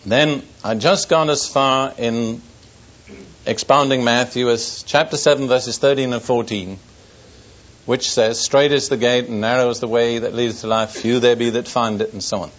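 A man's voice: medium pitch, steady tone, moderate pace. An older man, a pastor, preaching to a congregation and telling a personal story with dry humor and earnest warnings. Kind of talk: sermon testimony. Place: church service before an audience. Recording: dull lo-fi recording.

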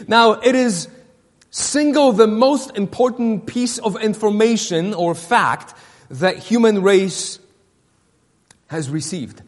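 High-voiced man preaching in a reverberant hall. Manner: halting, repeats words, many fillers. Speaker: pastor. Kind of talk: sermon.

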